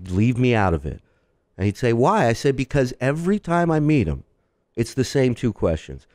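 Animated male storyteller, dry close sound. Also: mid-range voice, normal speed, no room sound. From Israel. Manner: animated storyteller, acts out quoted voices. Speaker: podcast guest. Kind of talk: casual storytelling chat.

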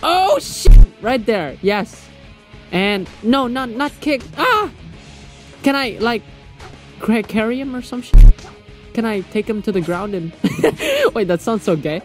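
A young man giving casual gameplay commentary, excitable, yelping, laughing often and swearing freely. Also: high-pitched, slow pace, long pauses, soft background music. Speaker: gaming channel host.

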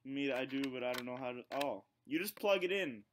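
A man's voice: mid-range voice, lively intonation, a little fast, fairly bright tone, a little hiss or hum. Joking prankster man on video chat. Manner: playful, mock-menacing, joking. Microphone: computer mic on a video chat.

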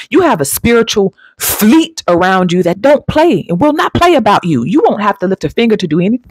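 In a dry recording, a woman with a mid-range, darkish voice hosts a spiritual self-help channel. She addresses her viewers directly in an emphatic, preachy motivational talk, laughing easily between points.

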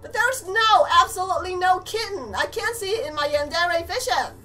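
High, lively young woman gamer. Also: normal speed, soft background music. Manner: animated, exclaiming, teasing the game characters. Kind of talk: let's play commentary.

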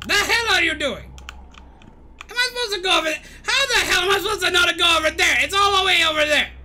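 A woman voicing a grumpy middle-aged male cartoon mad scientist, shouting and ranting over gameplay. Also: very high voice, fast, slight background noise, full character voice. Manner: shouty, ranting, self-pitying. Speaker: gaming streamer. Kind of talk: gameplay commentary in character.

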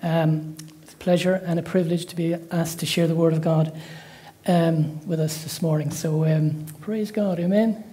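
A man's voice: a little high, fairly even intonation, moderate pace. A man with an Irish accent, preaching a sermon that opens with prayer, a joke and frequent amens. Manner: warm-hearted, with frequent amens and praise interjections.

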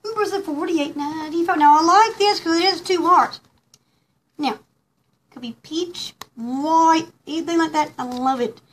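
A woman's voice: extremely high pitch, moderate pace, a little hiss or hum. A woman hosting a casual live pearl jewelry showcase, gushing and giggling, rambling with lots of fillers. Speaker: host showing pearl jewelry.

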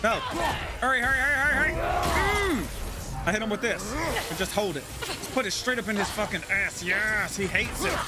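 A man giving live gameplay commentary, trash-talking a boss with lots of swearing and frequent frustrated shouting. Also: sits high, moderate pace. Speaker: gamer playing a video game. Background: loud video game music.

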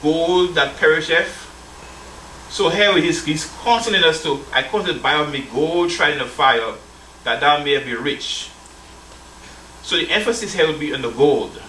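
A man's voice: fairly high pitch, normal speed, sharp tone, slight background noise. A male church elder preaching a sermon, reading scripture aloud and calling his listeners brethren while prompting their answers. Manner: addresses listeners as brethren, asks call-and-response questions. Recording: roomy sound from a distant mic.

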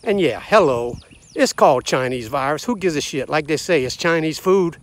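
In this ranting monologue to camera, an American vlogger aged somewhere in his sixties or seventies sounds a little high and animated, talking at normal speed. He's blunt, combative and preachy.

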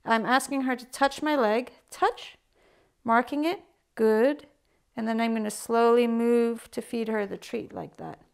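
A woman dog trainer talking through a training demo with a calm, gentle manner and soft cues to her dog. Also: fairly high pitch, normal speed, creaky, few pauses, smooth.

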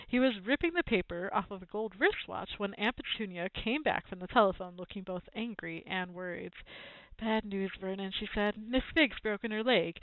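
A woman reading a children's novel aloud with expressive storytelling. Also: medium pitch, no room sound, phone-quality sound. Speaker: reader.

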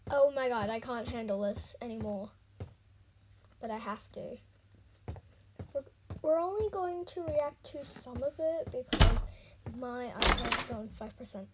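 A young woman casually reacting out loud to a horror game, jumpy and squealing when startled, muttering asides in between. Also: a little high, unhurried, long pauses. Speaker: gaming channel host. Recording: noisy home recording.

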